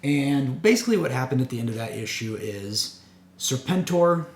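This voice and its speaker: A man's voice: mid-range voice, lively intonation, normal speed, slight background noise. Casual male comic reviewer, rambling and chatty, mid-range voice, echoey room. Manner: chatty, rambling with fillers and self-corrections.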